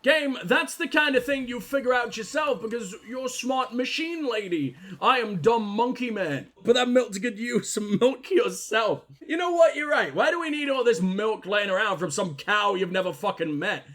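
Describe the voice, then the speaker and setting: A man's voice: extremely high pitch, lively intonation, normal speed, hardly any pauses, a bit bright. A man giving crude, sarcastic and profane commentary while playing a video game, often talking back to the characters on screen. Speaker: gaming video host. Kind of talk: let's-play commentary.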